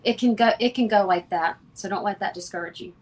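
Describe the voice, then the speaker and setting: A woman with a medium-pitched voice speaks at a quick pace as a homeopath being interviewed. Her advice comes across calm, instructive, and matter-of-fact.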